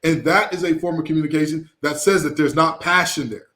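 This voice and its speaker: A man co-hosting a sports podcast, talking in an animated, emphatic way with playful asides. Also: on the high side, fairly quick. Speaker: podcast co-host. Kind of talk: casual sports chat.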